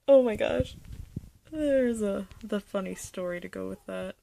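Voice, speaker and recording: A young woman chatting casually about her collection, nostalgic and rambling, sometimes dropping to a soft whisper. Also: mid-range voice, a little slow, vocal fry, slight background noise. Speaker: vlogger showing a card collection. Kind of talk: casual chat. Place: bedroom.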